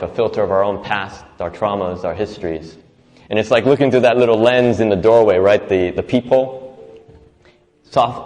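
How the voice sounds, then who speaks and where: A man's voice: on the low side, darkish tone, in a large hall. A man giving an inspirational talk, telling stories and acting out quoted voices with little laughs. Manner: reflective, storytelling, acts out quoted voices with laughs. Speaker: motivational speaker.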